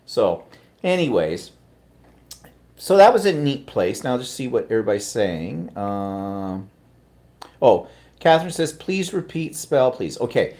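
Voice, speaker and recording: A middle-aged man with a Canadian accent talks in an easygoing, rambling way, co-hosting a live stream. He reads viewer comments aloud and chats back to them in a mid-pitched voice. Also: big pitch swings, unhurried, pauses often, darkish tone. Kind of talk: casual live-stream chat.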